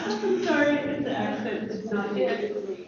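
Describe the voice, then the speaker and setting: An American woman teaching a planetarium class, chatty and lively, asking students questions. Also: sits high, unhurried, very echoey, far from the mic, lo-fi sound, a loud crowd. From United States. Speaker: astronomy teacher. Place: planetarium dome.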